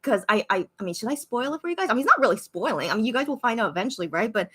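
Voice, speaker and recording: Chatty high-voiced woman on a livestream. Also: rapid-fire, husky. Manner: chatty, excitable, many fillers and restarts. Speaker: livestream host reading viewer comments. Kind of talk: casual live-stream chat. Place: Korea.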